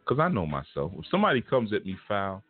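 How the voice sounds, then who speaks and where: Deep-voiced new guy teaching, blunt street talk, sounds like it's coming through a phone with faint music under it. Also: huge pitch swings, quick pace, phone-quality sound. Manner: blunt and streetwise, with frank slang. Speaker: spiritual teacher. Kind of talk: casual spoken lesson with personal story.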